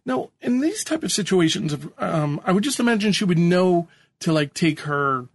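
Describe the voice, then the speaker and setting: Man, podcast co-host, slightly high voice, halting with lots of ums, dry sound. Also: animated, no room sound. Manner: hesitant, many ums, self-deprecating laughs. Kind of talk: casual podcast chat.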